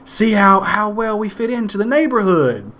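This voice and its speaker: A man's voice: high voice, sing-song, normal speed, fairly bright tone, pitched above the performer's own voice. A man voicing a chirpy cartoon mom who is proud of fitting in, in a sing-song tone.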